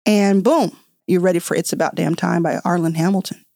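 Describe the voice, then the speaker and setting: A woman's voice: lowish voice, steady tone, a little fast, vocal fry, mellow, no room sound, clean studio sound. A woman hosting her own podcast, talking to listeners in an earnest, chatty way from a small podcast room. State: tearful. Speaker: podcast host. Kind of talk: casual heartfelt podcast monologue.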